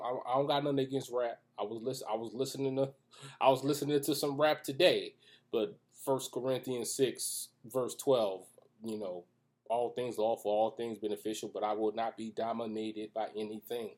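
A man's voice: mid-range voice, darkish tone. A man, giving a loose preaching talk to camera, joking in asides and restarting his sentences. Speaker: Christian video commentator. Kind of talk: casual preaching monologue. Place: room with echoey acoustics.

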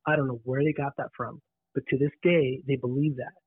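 Animated man on a tinny phone line. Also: mid-range voice, brisk, breathy edge, no echo. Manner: animated, restarts and repeats words. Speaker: podcast guest. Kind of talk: casual storytelling.

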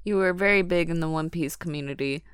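A woman's voice: fairly low pitch, quick pace, smooth, no echo. A woman hosting a podcast in a friendly, casual way, with some hesitant fillers. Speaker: podcast host. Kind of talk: casual chat.

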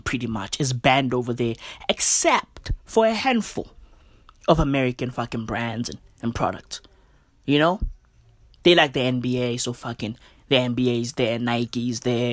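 A man's voice: medium pitch, no room sound, clean studio sound. A man ranting in a casual, profane, slang-heavy way and checking in with "right?" again and again. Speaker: commentator. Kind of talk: casual rant.

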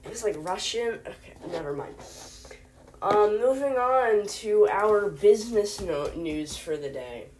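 A woman's voice: medium pitch, animated, a little slow, darkish tone. A young woman hosting a homemade mock news show, rambling and hesitant, full of fillers. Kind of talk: playful mock newscast.

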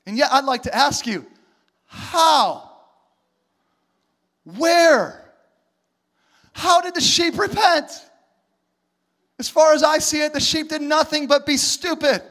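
Man, pastor, very high voice, animated sermon, acts out dialogues, occasional shouts.

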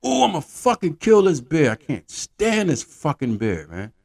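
A man's voice: medium pitch, animated, normal speed, a little mellow, dry recording, clean studio sound, far from the mic. A man voicing an angry, humiliated male hunter in a told joke, cursing and exasperated.

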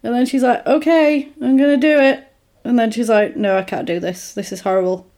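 A woman chatting casually, retelling a film plot and acting out the characters' lines in an animated way. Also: fairly high pitch, brisk.

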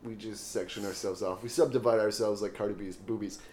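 A man's voice: fairly low pitch, fairly even intonation, a little fast, darkish tone. Guy cracking filthy jokes on a podcast, laughs a lot, slight background noise. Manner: joking, laughing often, mocking voices. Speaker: podcast co-host. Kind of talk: crude casual banter.

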